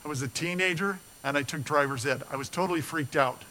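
An older man preaching an earnest, storytelling sermon as a pastor, building up animated and then dropping low and soft. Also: fast, low-quality recording.

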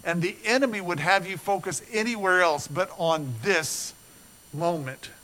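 An older man preaching an earnest, storytelling sermon as a pastor, building up animated and then dropping low and soft. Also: moderate pace, low-quality recording.

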